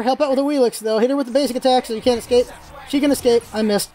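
A gaming video host calling out live gameplay, excitable and shouting, repeating calls and teasing opponents. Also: high-pitched, fast talker. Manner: teasing, talks to enemy players.

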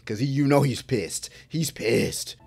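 A man casually reacting to an anime episode as he watches. He is excitable and profane, laughs often and talks back at the screen. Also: mid-range voice, a little slow, vocal fry, breathy edge.

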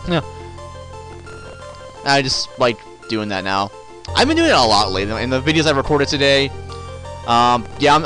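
A man's voice: medium pitch, a bit bright. A man commenting on his gameplay, joking and sarcastic, talking back to the characters on screen. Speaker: let's play host.

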